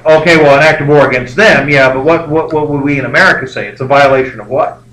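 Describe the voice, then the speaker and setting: A man's voice: fairly high pitch, quick pace, fairly bright tone, recorded from a distance. A male history teacher giving a rambling, joking classroom lecture full of fillers. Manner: rambling, jokey, many fillers. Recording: echoey classroom, faint background noise.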